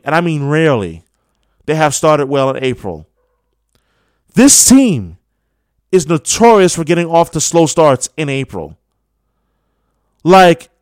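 A man's voice: high voice, no echo, studio quality. A man hosting a sports radio show, giving a heated opinion monologue full of scolding rhetorical questions. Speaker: radio host.

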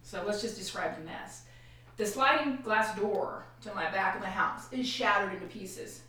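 Woman, podcast guest, animated storytelling, distant mic, very echoey room. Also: mid-range voice, normal speed. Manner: animated, acts out quoted voices, frequent laughs. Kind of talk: emotional personal storytelling.

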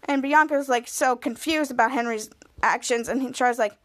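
A woman's voice: high-pitched, normal speed. A woman hosting a podcast, casually recapping a TV episode in a rambling way, stringing events together with lots of "and then" and restarts. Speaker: podcast host.

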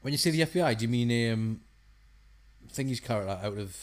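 A man's voice: medium pitch, lively intonation, brisk. A man, co-hosting a casual film chat, bantering and finishing his friend's sentences. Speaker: podcast co-host. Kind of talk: casual chat about films.

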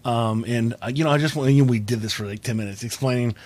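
This young podcast host has a mid-range, somewhat mellow voice and talks fast, recorded with no room sound. Over a video call he tells meandering stories, often restarting and leaning on fillers.

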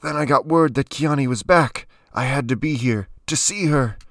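A man voicing a desperate young male captive who pleads in a hoarse, rasping voice. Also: sits high, sing-song, a little slow, sharp tone, dry recording, clean studio sound, pitched above the performer's own voice, exaggerated voice. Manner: pleading, breathless gasps.

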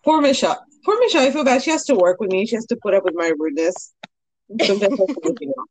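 A woman's voice: on the high side, big pitch swings, racing, darkish tone, slight background noise, low-quality recording. A woman co-hosting a casual podcast chat with a friend over an online call, talking freely, laughing often and swearing now and then. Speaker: podcast co-host.

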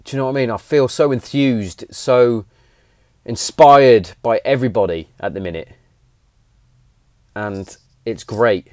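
A man's voice: medium pitch, measured pace, pauses often, a little mellow, no echo, studio quality. Earnest man in his thirties. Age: 30s. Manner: earnest, emphatic, swears freely, rambles. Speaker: podcast host. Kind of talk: casual heartfelt monologue. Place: home shed.

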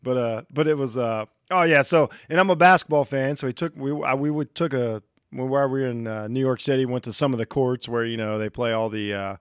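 A man's voice: mid-range voice, fairly quick, hardly any pauses, smooth, dry recording, studio quality. A middle-aged man from Ohio hosting a casual podcast chat, rambling with lots of restarts and the odd swear word. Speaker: podcast host.

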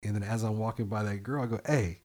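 Man, low voice, casual swearing storyteller who acts out quotes. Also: quick pace. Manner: profane, animated storytelling with acted-out quotes. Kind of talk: casual podcast chat.

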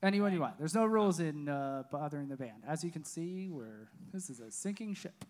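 A man's voice: fairly high pitch, expressive, fairly quick. A man hosting a podcast, asking playful offbeat questions in casual chat. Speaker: podcast host.

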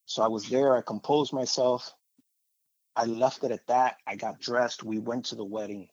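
A man's voice: medium pitch, steady tone, moderate pace, darkish tone, no room sound. Guy telling his own testimony, chatty and meandering, kinda muffled dry sound. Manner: conversational, rambling with fillers and repeated phrases. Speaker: person sharing a faith testimony. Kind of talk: personal testimony storytelling.

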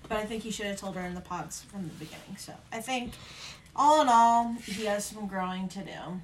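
A woman's voice: mid-range voice, a little fast, a little hiss or hum. A young woman joining a casual podcast chat, stating her opinions firmly.

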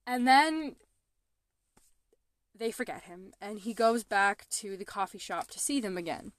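A woman's voice: medium pitch, moderate pace, no room sound, studio quality. A young woman hosting a movie podcast, talking casually and emotionally, rambling with lots of fillers. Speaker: podcast host.

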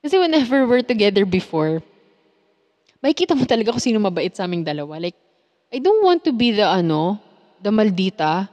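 Young Filipino woman, podcast host, sincere and loose, mid-pitched, reverberant room. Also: very animated, a little fast, pauses often, a little mellow. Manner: heartfelt, code-switching, many fillers like "you know". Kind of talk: personal podcast monologue.

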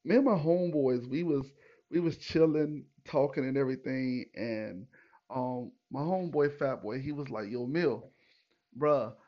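Speaking at a moderate pace in a mid-range voice, a young podcast host rambles through a personal story for his listeners, leaning on fillers and asides. The audio has its highs cut off.

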